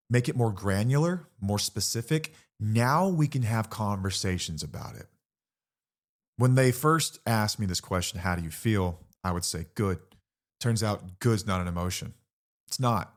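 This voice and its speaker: A man's voice: on the low side, normal speed. A middle-aged man hosting a podcast, speaking blunt and earnest about recovery and swearing casually. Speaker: podcast host. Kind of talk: candid recovery talk.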